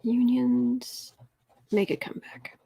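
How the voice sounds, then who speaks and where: A woman with a Southern accent talks her way through a casual livestream, reading out viewer comments and tossing off sarcastic asides. Her voice sits a little high, and she slips into soft murmurs while she shuffles her cards. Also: fairly even intonation, slow pace, gravelly, breathy edge. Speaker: tarot reader and livestream host.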